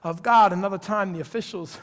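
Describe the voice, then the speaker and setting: High-voiced pastor preaching in a church hall. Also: male voice, fairly quick. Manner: conversational storytelling, acts out voices with big swings from hushed to loud. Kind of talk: sermon. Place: church sanctuary.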